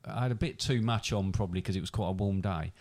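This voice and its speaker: A man's voice: lowish voice, quick pace, a little mellow. A man, casually recounting a challenge in a rambling, self-correcting way. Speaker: host recounting a hide-and-seek challenge. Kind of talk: casual chat.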